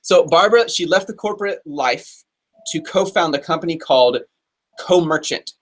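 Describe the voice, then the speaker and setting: A man from Texas hosting a live interview show, talking in an upbeat, chatty way with quick asides. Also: fairly high pitch, animated. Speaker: host.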